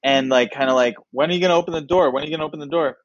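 A man's voice: fairly high pitch, racing, no echo, muffled recording. A man, a comedian guest, telling a story in casual chat and acting out other people's lines.

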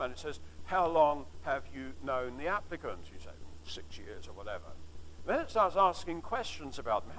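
A man preaching a sermon, teaching from the Bible with earnest, emphatic repetition and slowed, stressed phrases. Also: a little high, a bit bright, poor audio.

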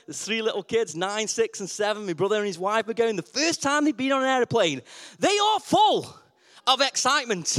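A man preaching a lively sermon, asking the congregation questions and repeating his key words for emphasis. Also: high voice, moderate pace. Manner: call-and-response questions, emphatic repetition.

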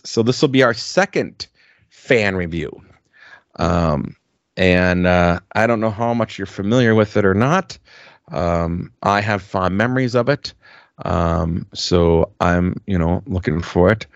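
A lower-pitched man co-hosts a podcast in loose, casual chat. He rambles, restarts his sentences and leans on fillers. The sound is dry and dull, like lo-fi podcast audio. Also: dry recording. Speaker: podcast co-host.

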